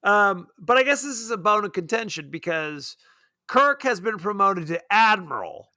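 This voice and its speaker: A man with a high, bright voice recorded close and dry, co-hosting a casual podcast. He talks about a film in a sarcastic, joking way and laughs often. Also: animated, moderate pace, no room sound. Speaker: podcast co-host. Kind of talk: casual film review chat.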